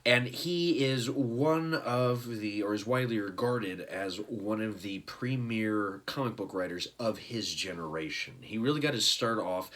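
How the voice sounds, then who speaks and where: American man, low-leaning voice, eager off-the-cuff show host who trips over words. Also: a little slow, few pauses. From United States. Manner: excitable, rambling, trips over words and corrects himself. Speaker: comic book reviewer, show host. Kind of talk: casual talk to camera.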